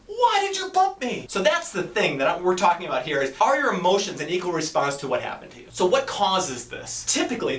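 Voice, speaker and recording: A man's voice: a little high, a bit bright. A man, a doctor hosting a health series, giving a casual educational talk and acting out little quoted exchanges. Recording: echoey room, distant mic.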